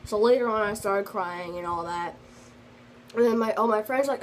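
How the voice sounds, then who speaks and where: A woman's voice: a little high, brisk, slight background noise, low-quality recording. A teenage girl telling a story in a casual vlog, rambling with lots of fillers and restarts. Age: teens. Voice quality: sensitive, earnest storytelling. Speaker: vlogger.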